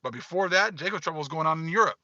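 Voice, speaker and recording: A man speaks directly to his online viewers in loose, emphatic livestream commentary, circling back over his points again and again. His voice is sharp, tense, a little high, animated and very fast. The sound is dry and a bit dull, like a lo-fi setup, with no room sound.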